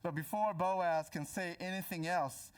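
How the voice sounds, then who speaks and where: Man preaching, slightly high voice. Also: measured pace, smooth. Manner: storytelling, drops to a hushed tone for suspense; many restarts and repeated words. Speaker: pastor. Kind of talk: sermon with personal story. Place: church auditorium.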